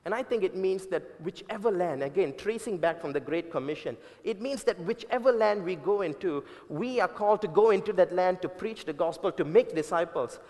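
A man preaching a sermon with emphatic, repeated points and deliberate changes of pace. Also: high voice, expressive, darkish tone. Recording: long reverb of a large hall.

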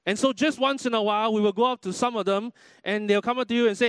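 A man preaching a sermon in a church, animated, acting out everyday quotes as he goes. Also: very high voice, quick pace, few pauses, clear, resonant tone, no echo. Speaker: pastor.

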